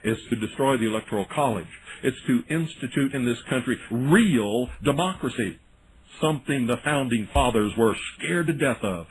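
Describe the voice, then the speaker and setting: A man's voice: mid-range voice, expressive, normal speed, slight background noise, poor audio. A man hosting a radio talk show, delivering an indignant, sarcastic monologue. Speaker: radio host.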